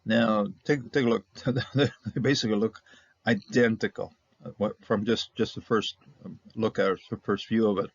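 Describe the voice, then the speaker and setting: A man with a low, gravelly voice gives an informal lesson, talking in a relaxed, halting way and often restarting his sentences. The recording is dull and lo-fi, with a dry, close sound. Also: no echo. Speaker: Hebrew teacher.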